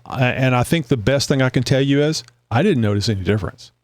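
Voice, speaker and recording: A man from Southeast Texas, co-hosting a talk show in casual chat, pausing often with fillers and restarts. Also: medium pitch, lively intonation, dry recording. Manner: halting, with many fillers and restarts. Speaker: podcast co-host.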